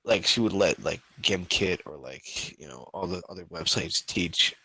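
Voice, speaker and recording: Low-pitched male podcast co-host, rambling casual storyteller, dry close sound. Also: lively intonation, normal speed, sharp tone, husky, no room sound. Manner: rambling storyteller, many filler words. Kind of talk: casual chat.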